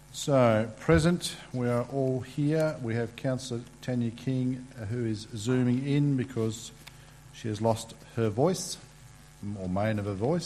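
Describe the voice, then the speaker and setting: A man chairing a council meeting, reading procedural items in a halting way with many fillers. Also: fairly low pitch, a little mellow, slight background noise.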